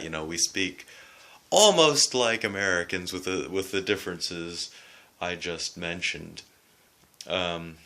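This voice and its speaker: A Canadian man from southwestern Ontario talks through pronunciations in an unhurried way, trying out word after word. His voice sits very low, yet it has a bright, forceful edge. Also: clear, resonant tone. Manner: loose and rambling, demonstrating word pronunciations. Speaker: video host explaining accents. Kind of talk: casual spoken explainer.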